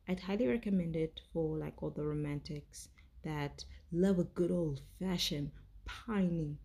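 A young woman talks through a show review in chatty, effusive bursts, full of "like"s. Her voice sits low and mellow. It carries a steady gravelly fry. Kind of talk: casual review chat.

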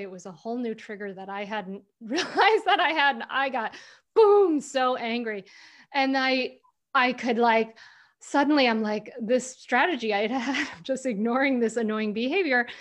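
Expressive woman author telling stories. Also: on the high side. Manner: expressive storyteller, many fillers and restarts. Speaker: author, guest. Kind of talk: conversational interview.

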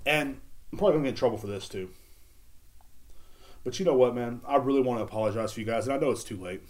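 Over music playing in the background, a man hosts a casual solo podcast, rambling through a crude, sarcastic mock apology. His voice is mid-range and darkish, and he speaks fast.

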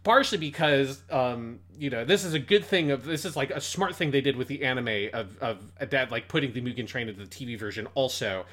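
A man's voice: mid-range voice, expressive, brisk, few pauses, a bit bright. A man co-hosting a casual podcast about anime, talking enthusiastically with frequent swearing and restarts. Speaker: podcast co-host.

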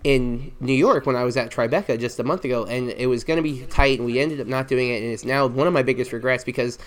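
A man talking quickly in a loose, rambling way, full of ums and restarts. He is co-hosting a podcast and chatting casually about movies he hasn't seen. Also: mid-range voice. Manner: rambling, many ums and self-corrections. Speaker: podcast co-host. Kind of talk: casual chat.

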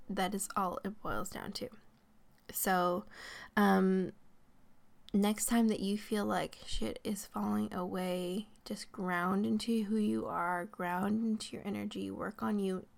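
A woman with a mid-range voice and vocal fry hosts her own podcast, talking casually on her own. She laughs often and scatters "like" all through her speech.

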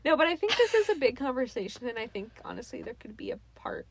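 A woman's voice: high voice, big pitch swings, fast, husky, no room sound. A woman co-hosting a podcast in casual chat, agreeable and chatty. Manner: agreeable, chatty, lots of yeahs. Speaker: podcast co-host.

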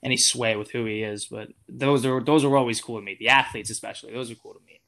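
A man's voice: mid-range voice, fairly even intonation, fast, vocal fry, a bit bright. A young man as an interview guest, talking in a casual, rambling way with lots of fillers and restarts. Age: young adult.

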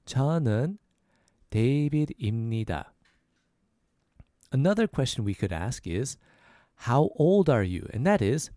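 A man hosting a language lesson podcast, repeating each phrase slowly and then faster so listeners can practice. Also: mid-range voice, mellow, no echo, clean studio sound. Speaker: podcast host teaching Korean.

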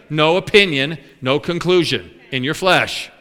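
A man preaching a sermon, animated, acting out the complaining voices of the people in his story. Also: high-pitched, normal speed. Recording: long hall reverb.

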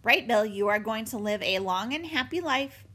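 A woman playing a gentle robot mom who talks in neat formal sentences, a bit raised in pitch, lively, breathy voice. she stays even and polite the whole time. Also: normal speed. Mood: calm. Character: gentle calm female robot mother.

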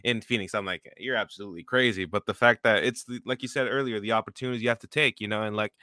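A man's voice: lowish voice, quick pace, bright, forceful tone, no echo, clean studio sound. A young man in his twenties, a podcast host, talking with enthusiasm and lots of "like" and "you know". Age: 20s. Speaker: podcast host, stadium announcer. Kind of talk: casual podcast conversation.

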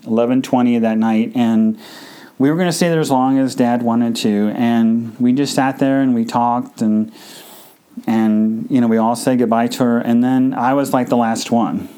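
A man hosting a podcast, telling a personal story in a halting, emotional way with many restarts, grieving and tearful. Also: mid-range voice, steady tone, dark tone, clear, resonant tone. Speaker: podcast host.

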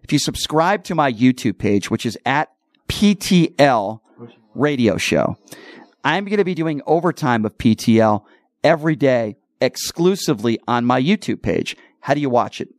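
Male radio host, dry studio sound, forceful opinion monologue. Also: medium pitch, sing-song, moderate pace, no room sound. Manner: emphatic, ranting, repeats points.

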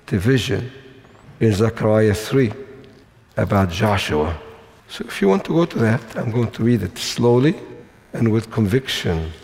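A man delivers a sermon in a slow, deliberate, emphatic way, stopping to put questions to his listeners. His voice sits a little high for a man. A long reverb from a large hall trails behind his words. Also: a little mellow. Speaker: preacher.

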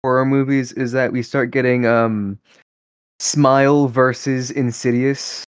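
A man's voice: medium pitch, fairly even intonation, a little slow, clean tone, dry recording. A man with a mid-range voice jokes wryly in a casual podcast chat. He is recorded close and dry, with no room sound. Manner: joking, wry. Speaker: podcast co-host.

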